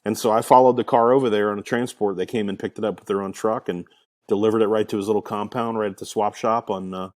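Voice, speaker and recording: A man's voice: on the low side, quick pace. A middle-aged man telling a story as a guest in an interview, acting out the people he quotes. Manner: lively storyteller who acts out the people he quotes. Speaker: guest, car dealer.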